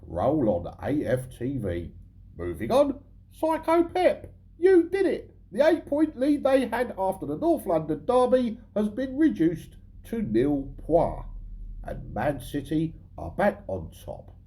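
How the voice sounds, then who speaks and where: A man's voice: on the high side, huge pitch swings, a little slow, mellow. Cheeky sarcastic man hosting a football comedy show. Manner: cheeky, sarcastic, swears a lot. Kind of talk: scripted comic commentary.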